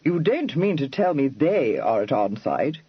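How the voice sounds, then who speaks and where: A man voicing an amiable young Regency gentleman in an audiobook, drawling in clipped, slangy phrases with unhurried patience. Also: mid-range voice, sing-song, breathy edge, no room sound, highs cut off, full character voice. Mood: startled.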